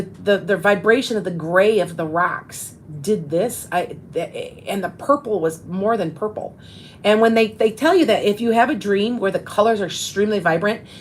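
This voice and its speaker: A woman's voice: mid-range voice, slight background noise, rough recording. Rambling middle-aged woman hosting a psychic show. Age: 50s. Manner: rambling, many restarts. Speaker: psychic medium host. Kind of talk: casual live-stream chat.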